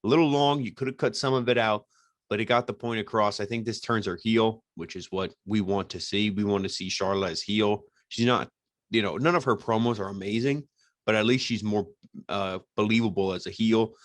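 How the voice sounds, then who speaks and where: Low-voiced man recapping a wrestling show. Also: a little fast, dry recording. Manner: conversational, many "you know" fillers. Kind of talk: casual recap and commentary.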